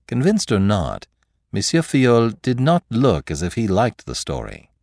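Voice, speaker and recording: A man narrating a classic novel for a podcast, measured and expressive. His fairly low voice moves through a wide range, recorded close and dry. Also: no room sound. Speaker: audiobook narrator.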